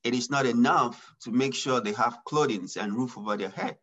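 A man, a pastor and business executive, answering interview questions in a deliberate, emphatic way, stressing key words and listing his points. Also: medium pitch, fairly bright tone, muffled recording.

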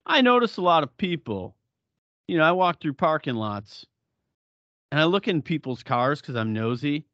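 A man's voice: on the high side, expressive, moderate pace, a bit bright, no room sound, dull audio. A middle-aged man co-hosting a podcast in casual chat, blunt and profane, often laughing. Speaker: podcast co-host.

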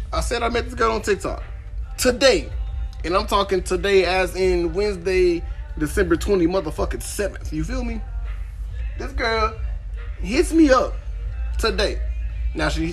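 Animated young man, high voice. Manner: animated, profane, swings between loud outbursts and low muttering. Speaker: podcast host. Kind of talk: casual storytelling monologue.

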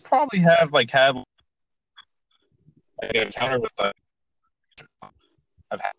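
A man's voice: mid-range voice, very animated, gravelly, fairly bright tone, highs cut off. A young man in casual chat, swearing freely and stumbling over restarts as he talks. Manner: swearing, halting with restarts and laughs.

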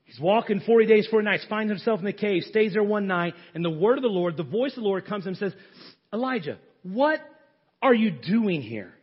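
A man preaching a sermon, swinging from hushed, soft passages to raised, shouting ones. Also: high voice, lively intonation, a little fast, husky, dull audio. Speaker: pastor.

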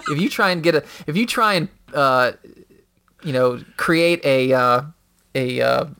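A man's voice: mid-range voice, a little slow, gravelly, clear, resonant tone. Rambling, profane male storyteller. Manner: rambling storyteller, profane, acts out quotes loudly. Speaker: podcast guest. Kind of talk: casual chat. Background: dogs nearby.

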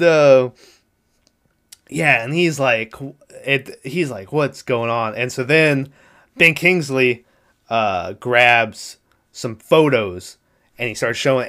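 A young man casually retelling a movie plot on a podcast, animated and swearing freely, acting out the lines. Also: mid-range voice. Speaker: podcast host recapping a movie. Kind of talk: casual chat.

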